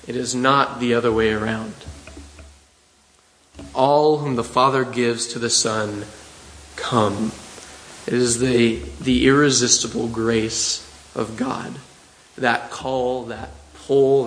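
A man preaching an expository sermon, earnest and measured, slowing into emphatic phrases. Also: medium pitch, fairly bright tone, reverberant, low-quality recording.

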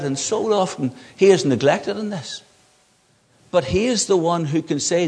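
A man's voice: on the high side, a little mellow, slightly rough, long reverb tail. A man preaching a sermon from the pulpit, earnest, rising in emphasis on key points. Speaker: pastor.

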